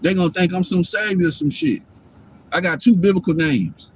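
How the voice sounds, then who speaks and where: High-voiced man ranting on a livestream. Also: moderate pace, slightly rough. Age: adult father. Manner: profane, preachy, keeps asking "you know what I'm saying". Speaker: livestream host. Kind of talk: rambling casual monologue.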